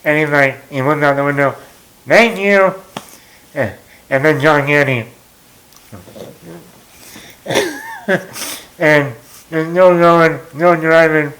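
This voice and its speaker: A man's voice: on the high side, sing-song, takes it slowly, long pauses, fairly bright tone, low-quality recording. A man hosting a movie talk show, rambling casually as he retells scenes and quotes lines with chuckles.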